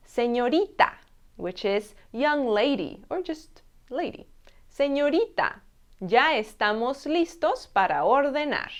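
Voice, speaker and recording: A woman teaching a language lesson, saying each travel phrase slowly and clearly and repeating it. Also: on the high side. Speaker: Spanish teacher.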